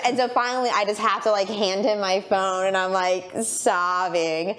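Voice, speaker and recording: Lively chatty woman telling stories. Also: mid-range voice, normal speed, few pauses. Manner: animated, rambling storyteller with many fillers and restarts. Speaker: podcast guest. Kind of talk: casual interview chat.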